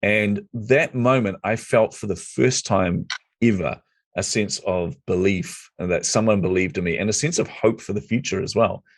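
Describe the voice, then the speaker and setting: A middle-aged man, a podcast guest telling his story with lively acted-out dialogue. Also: on the low side, normal speed, no room sound, studio quality. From New Zealand. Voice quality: lively storyteller who acts out quoted dialogue. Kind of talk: casual storytelling interview.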